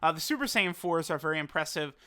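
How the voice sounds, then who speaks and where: A man's voice: fairly high pitch, animated, fast talker, pushed and bright. A young man giving casual commentary on a mobile game, hesitant as he thinks aloud. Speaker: mobile game video creator.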